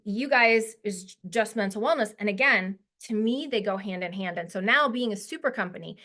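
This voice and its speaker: A woman's voice: mid-range voice, a little fast, sharp tone. A woman in her forties giving an emotional, heartfelt talk as a guest speaker on a video call, chatty and full of fillers. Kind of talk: casual presentation to a webinar audience.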